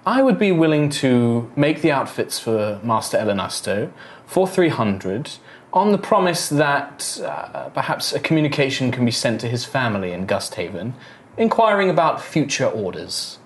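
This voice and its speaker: A man voicing a formal, fawning male elf tailor who talks low and soft, in a tabletop role-play. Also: very animated, moderate pace, slight background noise, lightly acted. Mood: wheedling. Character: smooth obsequious male elf tailor merchant.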